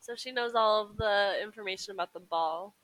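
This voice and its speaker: A woman's voice: mid-range voice, a bit bright, low-quality recording. A woman co-hosting a podcast in casual chat, talking loosely and laughing often. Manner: chatty, laughs often, quotes characters in quick put-on voices. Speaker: podcast co-host.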